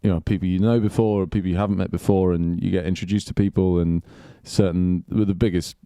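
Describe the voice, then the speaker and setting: A man's voice: sits low, steady tone, fast talker, dark tone, no echo. A man, a podcast guest talking casually in a rambling, hesitant way with many fillers. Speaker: podcast guest, golf club director. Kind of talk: casual chat.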